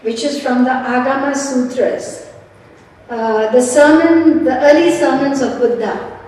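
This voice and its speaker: Slow high-voiced woman lecturing in an echoey hall. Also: a little mellow. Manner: slow, deliberate storytelling with rhetorical questions. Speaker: spiritual lecturer. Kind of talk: devotional lecture with storytelling. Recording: echoey hall, mic far off.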